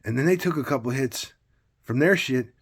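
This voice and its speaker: A man's voice: medium pitch, fairly quick, husky. A man talking in a loose, blunt, rambling personal monologue, often filling with casual asides. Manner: blunt, loose and rambling, full of "you know what I mean".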